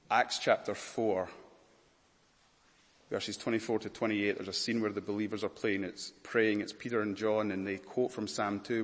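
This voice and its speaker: A man's voice: fairly low pitch, level tone, normal speed, long reverb tail. A man preaching a dramatic sermon in a church, questioning the congregation intently.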